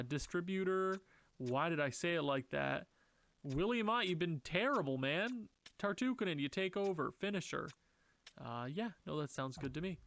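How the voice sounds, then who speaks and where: A man's voice: a bit bright, slight background noise. A man commentating his own video game franchise season, exasperated and talking to his players as he reshuffles lines. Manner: exasperated, talks to players, swings into high frustrated outbursts. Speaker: gaming YouTuber.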